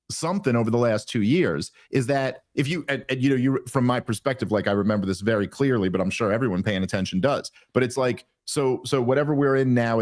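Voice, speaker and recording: A man's voice: on the low side, darkish tone. A man arguing on a political podcast, heated and sarcastic, often restarting his sentences. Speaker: debate guest. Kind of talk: political debate conversation.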